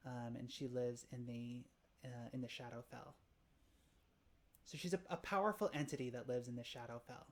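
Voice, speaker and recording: A woman narrating a tabletop game as game master, often pausing and restarting. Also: rumbling low, fairly even intonation. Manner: hesitant, many fillers and restarts.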